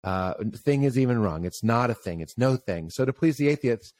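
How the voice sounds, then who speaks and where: A man in casual conversation who tells stories with animation, often jumps up in pitch for emphasis and acts out the voices he quotes. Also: lively intonation, a little fast, a little mellow, dry recording.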